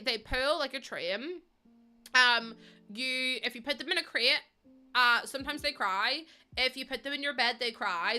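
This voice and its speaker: A woman's voice: fairly high pitch, bright, forceful tone. A young woman from the UK or Ireland chatting casually with livestream viewers in a rambling, exasperated way, with frequent ums.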